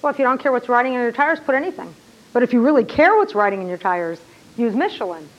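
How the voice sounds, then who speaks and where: High-pitched lady teacher lecturing a class, super animated, lots of questions to the room, dull lo-fi recording. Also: fast talker.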